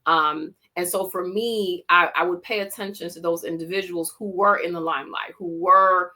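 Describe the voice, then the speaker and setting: Jamaican woman, kinda low voice but bright, telling her story with lots of restarts. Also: steady tone, moderate pace. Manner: reflective storytelling with many restarts. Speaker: teacher and guest. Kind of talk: podcast interview.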